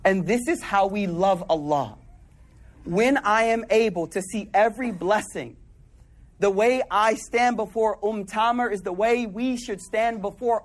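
A man telling a personal story in a conversational sermon, animated and casual, with sudden drops into soft, quiet asides. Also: high-pitched. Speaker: preacher.

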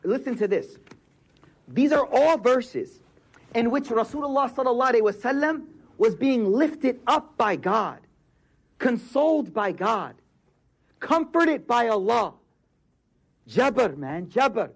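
Preaching in a loose, slangy manner, this man hammers home key phrases by repeating them. His voice is very high and husky, expressive, and he takes his time.

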